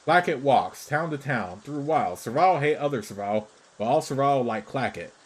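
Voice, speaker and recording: A man with a mid-range, expressive voice close to an everyday one, speaking a little fast, voices a shrewd, talkative male creature roaming a fantasy game world. His delivery is matter-of-fact, in broken, clipped pidgin phrases. The low-quality recording has a little hiss or hum.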